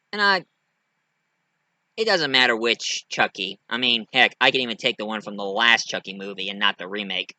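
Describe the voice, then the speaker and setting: A man casually telling his own fan story, rambling and hesitant with many fillers. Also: no echo. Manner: rambling, hesitant, lively pitch.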